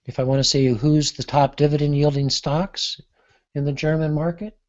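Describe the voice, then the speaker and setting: A man giving an unscripted software demonstration, thinking aloud with frequent pauses and fillers. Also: fairly high pitch, fairly even intonation, highs cut off. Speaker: market analyst demonstrating software. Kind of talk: unscripted screen-share demo.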